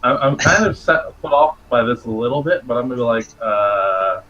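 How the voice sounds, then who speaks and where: A man's voice: medium pitch, animated, normal speed, bright, forceful tone, dull audio. A man playing a tabletop role-playing game, describing his character's actions hesitantly. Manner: hesitant, many fillers. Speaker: player.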